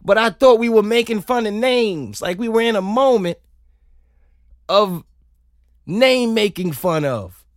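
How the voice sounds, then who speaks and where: A man riffing through a comic monologue on his podcast, his voice climbing and dropping all over as he laughs and swears through his stories. He talks close on the mic in a dry, dead-sounding room, slightly higher-voiced than most men. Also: unhurried, pauses often, no room sound. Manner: animated, laughing, profane storytelling. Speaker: podcast host. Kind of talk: comedic solo monologue. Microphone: close studio mic.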